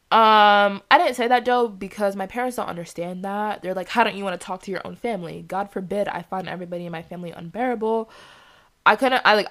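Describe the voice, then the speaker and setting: A young woman hosting a podcast, telling a personal story in a candid, profane monologue and acting out the quoted voices with big jumps in pitch. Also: fairly bright tone. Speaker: podcast host.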